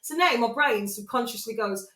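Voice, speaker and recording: Bright giggly woman. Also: a little high, expressive, normal speed. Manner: giggly, sweary, bursts into put-on accents. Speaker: podcast co-host. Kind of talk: casual chat. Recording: echoey room.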